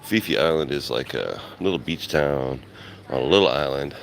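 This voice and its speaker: In the early morning, a travel vlogger live-streams outdoors in a quiet beach town, rambling in a laid-back way and greeting chat viewers by name. His very deep voice, rough from just waking up, moves at normal speed. Faint outdoor ambience and a little hiss or hum sit in the background.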